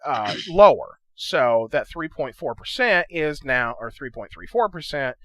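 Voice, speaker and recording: A man's voice: medium pitch, expressive, a little slow, a bit bright, no echo. A man hosting a gaming channel who walks through audio editing in a casual, chatty tutorial and keeps checking in with the viewer. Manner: loose and chatty, checks in with "okay?" and "right?". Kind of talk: casual screen-recorded tutorial.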